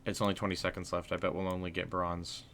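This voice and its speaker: A man hosting a livestream, chatting casually and excitably over a game, with slangy talk that gets loud when he is hyped. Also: sits low, quick pace. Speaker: livestream host. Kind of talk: casual gameplay chat.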